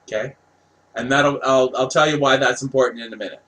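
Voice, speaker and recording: A man from Canada casually telling a personal story, animated, laughing and swearing as he goes. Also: mid-range voice, brisk, low-quality recording.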